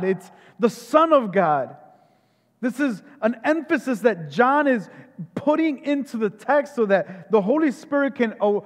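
High-pitched male pastor, slow deliberate sermon, emphatic, rhetorical questions, long church reverb. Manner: rhetorical questions, emphatic repetition, frequent restarts.

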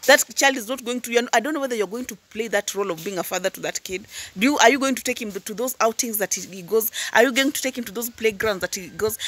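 A Tanzanian woman reacts on YouTube with impassioned commentary, firing rhetorical questions and prodding with "hmm?" and "huh?". Her voice is a little high on a dry recording, and she repeats words when worked up before easing into calmer asides.

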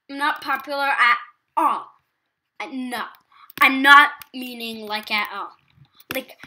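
Her high voice sounds pushed and bright. A teenage girl with an English accent, she's a gaming YouTuber chatting casually over gameplay, talkative and quick to put herself down.

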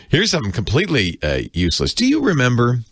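A man giving casual tech commentary, chatty and jokey, doing quick silly voices for gadgets. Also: medium pitch, a bit bright, breathy edge, no room sound, studio quality.

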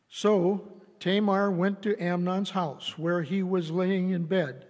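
A man reading scripture aloud in a church service, measured and deliberate. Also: sits high, steady tone, a little mellow. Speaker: scripture reader. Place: church sanctuary. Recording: long church reverb.

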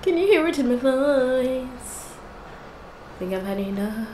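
A woman's voice: sits high, animated, slow pace, dark tone, reverberant, a little hiss or hum, rough recording. A woman hosting a gaming channel, chatting casually and exclaiming in frustration as she plays. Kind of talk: casual gameplay commentary.

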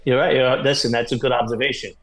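Man, podcast guest, rapid-fire talk, blunt and profane, filler-heavy storytelling. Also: mid-range voice, steady tone, fairly bright tone, low-quality recording. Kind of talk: candid storytelling interview.

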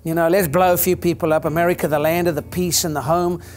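A man's voice: fairly high pitch, little pitch movement, quick pace, a little hiss or hum. An older man, a chiropractor, giving an informal talk to an audience in a rambling, joking, preacher-like way.

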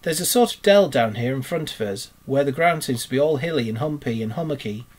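A kindly, practical male rat from a storybook, speaking in a brisk, cheery way, pitched a little above a plain reading voice, as a man reading aloud puts him on. His tone is husky and reassuring. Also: animated. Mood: determined.

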